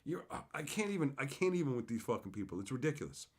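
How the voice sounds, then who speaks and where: A man's voice: big pitch swings, quick pace. A man hosting a livestream, ranting in a profane, mocking way and reading out chat. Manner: abrasive, mocking, swings into high sarcastic impressions. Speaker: livestream host.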